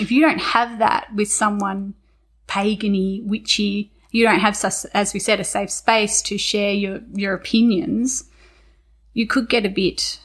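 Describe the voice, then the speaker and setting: Chatty, agreeable woman co-host for a casual chat podcast; trips over her sentences and restarts. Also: mid-range voice.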